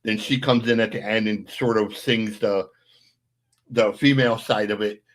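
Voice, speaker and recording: Cast: laid-back male co-host, lowish voice, talks with fillers. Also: fairly even intonation, normal speed. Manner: easygoing, with many filler "uh"s. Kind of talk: casual chat.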